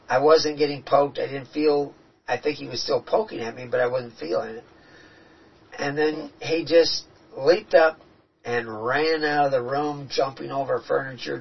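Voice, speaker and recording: A man's voice: medium pitch, slightly rough. A man telling earnest, reflective stories about his spiritual experiences in a casual talk. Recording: dull, distant-sounding recording.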